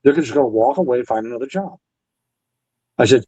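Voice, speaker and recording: A man's voice: mid-range voice, a little fast, warm tone, husky, no room sound, lo-fi sound. A Navy veteran man in an interview, earnestly retelling past conversations and quoting both sides. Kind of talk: storytelling interview.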